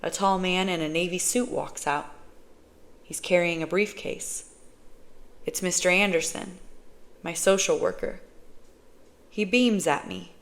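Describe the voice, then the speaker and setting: A woman reading a novel aloud, narrating in first person in a measured way. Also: fairly low pitch, steady tone. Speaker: audiobook reader.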